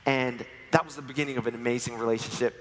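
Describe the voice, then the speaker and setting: A man's voice: mid-range voice, steady tone, quick pace, slight background noise. A man in his forties from New York giving a sermon with personal stories, told with playful humor in a church. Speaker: church speaker. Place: church sanctuary. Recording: long reverb of a church hall.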